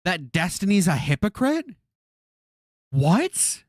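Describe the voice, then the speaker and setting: A man reacts live on stream, firing back at a video in disbelief and swearing as he goes. His pitch jumps all over the place. The sound is dry and close. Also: big pitch swings, slow pace, no room sound. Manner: incredulous, exasperated, swears a lot.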